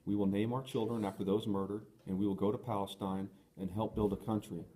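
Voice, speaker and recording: A man reading the part of a young woman who is tender and resolute, in an earnest, gentle voice. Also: lowish voice, level tone, fairly quick, a little hiss or hum, close to an everyday voice. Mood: firm.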